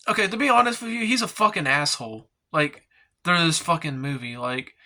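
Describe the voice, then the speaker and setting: A man's voice: sits high, pushed and bright. A man giving a casual, rambling movie review, full of filler words and swearing, sounding exasperated as he rants. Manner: exasperated, ranting. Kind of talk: casual spoken film review.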